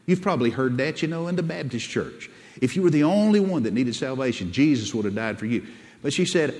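A man's voice: medium pitch, very animated, fast, darkish tone. Preacher guy giving a sermon, mid voice, repeats himself, gets the church to say stuff back, big echoey hall. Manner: preaches with call-and-response to the congregation, repeats words. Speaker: pastor. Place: church sanctuary.

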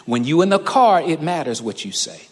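A man's voice: on the high side, sing-song, moderate pace, in a large hall. A man in his thirties preaching a sermon, telling a personal story and building to fervent emphasis. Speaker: pastor.

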